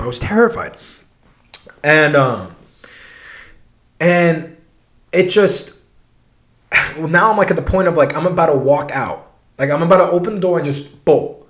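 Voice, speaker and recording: A man's voice: fairly high pitch, echoey room. A young man telling a long personal story in a casual, rambling way, swearing often and restarting his sentences.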